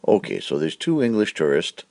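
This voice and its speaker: Deep-voiced brash comedy host. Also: male voice, sing-song, normal speed, creaky, darkish tone. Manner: brash, punchy joke delivery with put-on voices. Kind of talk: joke-telling comedy monologue.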